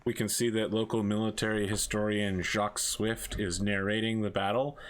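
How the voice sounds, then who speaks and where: A man running a tabletop war game as game master, explaining rules and narrating in a relaxed way. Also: lowish voice, moderate pace.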